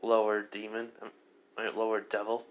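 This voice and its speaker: Brief: man reading a stiff, proud devil maid, hesitant and disdainful, low voice, fan story. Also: completely flat delivery, moderate pace, close to an everyday voice.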